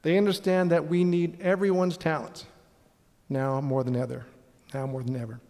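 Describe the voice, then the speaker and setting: A middle-aged man speaks on a conference stage with a slightly raised pitch, earnest and upbeat, now and then pausing on an "um". His voice rings out with a long reverb from the big hall around him. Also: little pitch movement, darkish tone. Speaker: panel moderator. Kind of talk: conference panel moderating.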